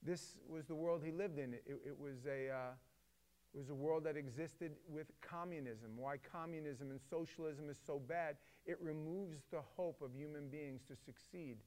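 A middle-aged man telling a story to a co-host with passion, swinging between loud emphatic bursts and hushed, quiet stretches. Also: on the high side, moderate pace.

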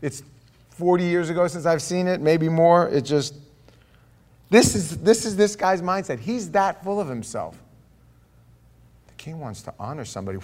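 A man in his fifties preaching a sermon in an animated way, acting out voices and asides. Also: on the high side, normal speed, pauses often. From Florida. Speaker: pastor.

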